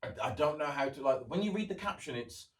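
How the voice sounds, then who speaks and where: A man's voice: fairly high pitch, expressive, quick pace, recorded from a distance. Rambling man, roomy sound. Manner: rambling, chatty, swears freely. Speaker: podcast host. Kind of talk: casual solo podcast chat.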